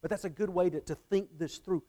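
A man's voice: high voice, brisk, warm tone. A man preaching a sermon earnestly, often repeating his phrases and shifting his emphasis. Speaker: pastor.

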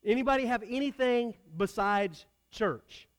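A man's voice: very high voice, measured pace. A man preaching a sermon, talking directly with his congregation in a conversational way. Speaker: pastor.

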